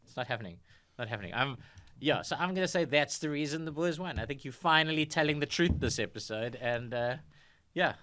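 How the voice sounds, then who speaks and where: A man co-hosting a casual podcast chat, jokey and quick to laugh. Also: medium pitch, expressive, pushed and bright. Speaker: podcast co-host.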